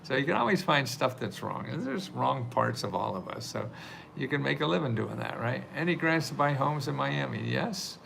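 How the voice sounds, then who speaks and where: A man's voice: mid-range voice, sing-song, moderate pace, gravelly, a bit bright, slight background noise. An older man hosting a live video stream, answering viewer questions in a chatty, rambling way and laughing often. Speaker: livestream host answering viewer questions about grants. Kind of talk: casual live Q&A.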